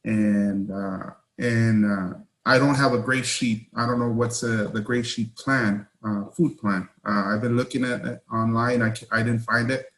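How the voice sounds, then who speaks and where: A man, new to a support meeting, speaking hesitantly with many pauses and fillers over a video call. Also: medium pitch, fairly even intonation, a bit bright, poor audio. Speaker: newcomer at meeting.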